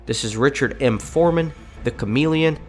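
A man's voice: medium pitch, moderate pace, faint music behind. A congested man with a cold, hosting a gaming video and chatting casually while reading game text aloud. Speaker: gaming channel host.

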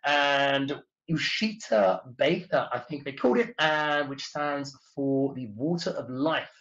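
An Englishman who leads tours gives a chatty webinar talk explaining travel, dotted with filler uhs. His voice sits on the high side, fairly bright, and he speaks slowly; the audio is dull and lo-fi.

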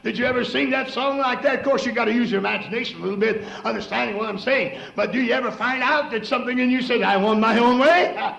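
Middle-aged male preacher, very high and gravelly, fervent sermon delivery, echoey old church recording. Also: fast, hardly any pauses. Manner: fervent, rising to shouts and dropping low. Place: church sanctuary.

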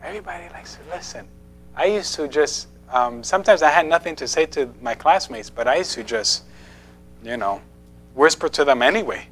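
Lively playful man preaching. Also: on the high side, brisk, slight background noise. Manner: playful, asks the congregation questions, laughs often. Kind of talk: conversational sermon. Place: church sanctuary.

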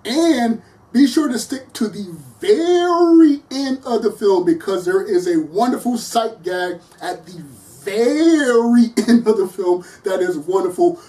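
A movie reviewer talking through a film in a casual, earnest way, often laughing mid-sentence and pausing on fillers while thinking aloud. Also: medium pitch, mellow, recorded from a distance, rough recording. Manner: chatty and earnest, laughs often between words.

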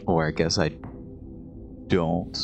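A man's voice: very deep voice, level tone, takes it slowly, gravelly, over music. A man giving casual, sarcastic commentary while playing a game and reading it aloud, swearing at the characters. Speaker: let's play gamer. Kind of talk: gameplay commentary.

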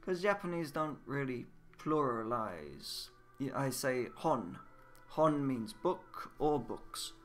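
A man giving a casual, patient Japanese lesson, repeating words and drilling them slowly. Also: medium pitch, big pitch swings, soft background music. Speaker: Japanese language teacher. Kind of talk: casual spoken language lesson. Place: indoors at a computer, game voice chat.

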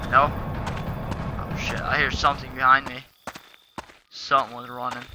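A man's voice: mid-range voice, level tone, normal speed, noisy background. A man giving jumpy, profane let's-play commentary, talking back to the game as he plays. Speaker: gaming YouTuber.

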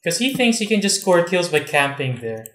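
A man's voice: high-pitched, very animated, normal speed, a bit bright, reverberant. Blunt, dry-humored gamer guy. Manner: dry, blunt, swearing, explaining controls. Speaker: gamer playing with friends. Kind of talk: casual let's play chat.

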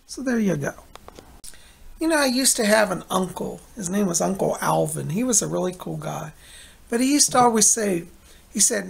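Gravelly, very husky man rambling. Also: high voice, lively intonation, a little fast. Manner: rambling, with many "anyways" and restarts. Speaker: psychic vlogger. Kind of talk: casual vlog chat. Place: at home.

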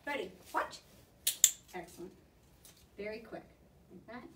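A woman dog trainer gives quick, upbeat instructions during a hands-on session. Her voice sounds a little distant and echoes around the room. A faint hiss sits underneath. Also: medium pitch, animated. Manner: brisk, encouraging instruction. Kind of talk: hands-on coaching.

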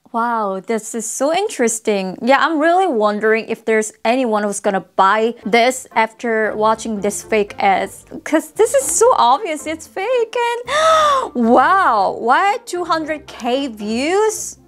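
A young Korean woman with a Korean accent, reacting in a casual vlog with exclamations, laughs and mocking commentary. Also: a little high. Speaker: YouTuber.

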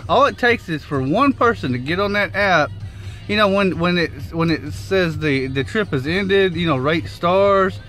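Man, casual vlog storytelling, bright forceful voice, sweary and animated, faint music behind. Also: high-pitched, unhurried. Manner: animated, swears freely, acts out quotes. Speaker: rideshare driver vlogger.

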